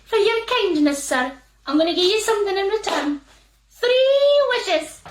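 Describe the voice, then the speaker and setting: A woman voicing a tiny old fairy man with a long grey beard, squeaky and excitable. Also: measured pace, echoey room, a little hiss or hum. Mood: grateful. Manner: squeaky, frantic then grateful.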